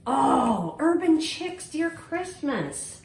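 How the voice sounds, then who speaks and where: A middle-aged woman in casual, excited chat, gushing and exclaiming to her viewers as she unboxes a prize at home. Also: high voice, very slow, creaky. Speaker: quilting vlogger unboxing a prize. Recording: echoey room, faint noise.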